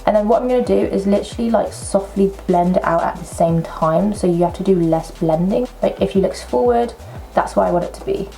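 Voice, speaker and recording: A young woman, chatting her way through a makeup tutorial at home with excitable, self-mocking asides. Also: mid-range voice, a little fast, vocal fry, faint music behind. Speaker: makeup vlogger. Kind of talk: casual makeup tutorial chat. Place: at home at a table.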